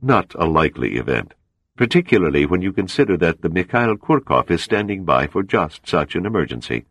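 A man voicing a suave, cold Soviet officer who talks with unhurried, mocking menace. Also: low voice, sing-song, a bit bright, dry recording, heavily acted.

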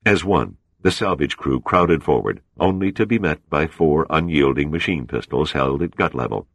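A man narrating a thriller audiobook in a measured, dramatic reading. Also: very deep voice, lively intonation, creaky, fairly bright tone, no room sound. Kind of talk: scripted narration.

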